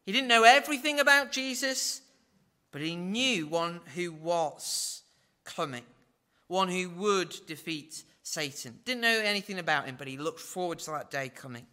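Bright and forceful at a moderate pace, a man teaches the Bible verse by verse. He voices quoted lines with dramatic pitch swings and sprinkles in wry asides.

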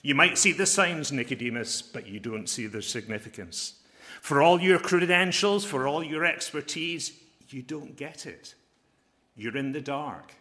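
A man preaching a sermon as a pastor and chaplain, earnest and emphatic, slowing down to stress key phrases. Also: mid-range voice, animated, sharp tone.

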